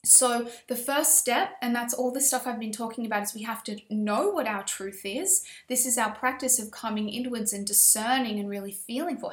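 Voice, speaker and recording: A fairly high-voiced woman teaches a motivational course, talking with passion and emphatic warmth as she affirms her listeners. Her voice rings in a roomy, echoing space. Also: moderate pace, hardly any pauses. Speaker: women's empowerment coach.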